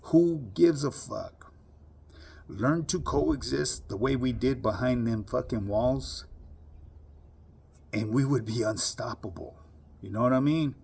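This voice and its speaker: A man's voice: medium pitch, takes it slowly, creaky, long pauses, a little mellow, breathy edge. A man giving a blunt, profane monologue full of street slang to his online audience. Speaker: social media commentator. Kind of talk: casual monologue to camera.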